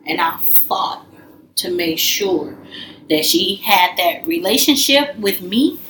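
This guest's voice is lowish and a bit bright, with lively intonation and a slow pace. She opens up casually and forcefully about her past in a candid conversation. The mic is distant and the room echoes, with slight background noise.

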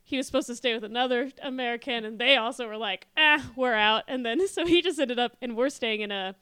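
A young woman tells a story in casual conversation, acting out what people said and laughing along the way. Her voice is bright and smooth and sits a little high. The sound is close and dry. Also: fast, no room sound. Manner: animated storyteller, quotes people, laughs often. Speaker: guest telling a travel story. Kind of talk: casual chat.

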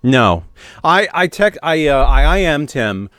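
A man's voice: a little high, sing-song, a little slow, fairly bright tone, dry recording. A man co-hosting a podcast, blunt and wisecracking in casual chat. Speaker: podcast co-host.

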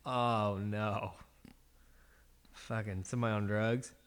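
Smooth-voiced podcast co-host man. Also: fairly low pitch, little pitch movement, slow, fairly bright tone. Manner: short reactions, swears. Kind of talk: casual chat reactions.

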